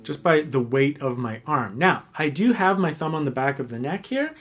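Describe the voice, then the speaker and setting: A man teaching a guitar lesson, explaining calmly and counting beats aloud as he demonstrates. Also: a little high, normal speed. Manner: relaxed, counts beats aloud while playing. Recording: faint guitar playing behind.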